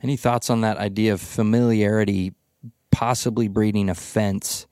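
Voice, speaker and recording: A man hosting a podcast Bible study, telling the story with lively acted-out quotes. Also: lowish voice, moderate pace, clean tone, dry recording, clean studio sound. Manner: animated storytelling, acts out voices in quotes. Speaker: podcast host. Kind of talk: casual Bible study discussion.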